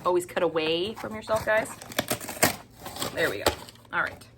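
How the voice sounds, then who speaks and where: A woman's voice: on the low side, normal speed, very noisy. A woman book vlogger in casual chat who gushes about what she's reading, doubling words for emphasis and dropping the odd swear word. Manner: chatty, gushing, doubles her words for emphasis.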